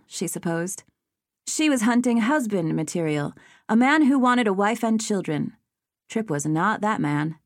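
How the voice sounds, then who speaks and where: With a mid-range voice, a woman reads an audiobook at a steady, expressive storyteller's pace. It's studio-quality audio with no room sound.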